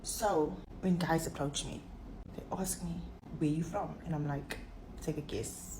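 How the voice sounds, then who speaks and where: A soft-spoken South African woman with a lowish voice tells a casual story in a vlog. She sounds a little away from the phone, and heavy background noise runs under her. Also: steady tone, measured pace. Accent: South African, not Cape Town.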